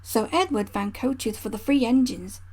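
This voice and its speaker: A woman narrating a children's storybook in a gentle read-aloud manner. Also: on the high side, normal speed. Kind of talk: storybook reading.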